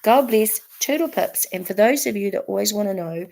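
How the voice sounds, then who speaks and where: A woman's voice: medium pitch, expressive, brisk, gravelly, darkish tone. A woman with a New Zealand accent chatting to camera in an encouraging, chatty way. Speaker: vlogger. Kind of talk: casual chat to camera.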